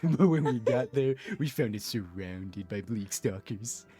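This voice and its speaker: Goofy male barbarian, as a man plays him, dim-witted, lively pitch, light music behind. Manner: slow goofy storytelling voice.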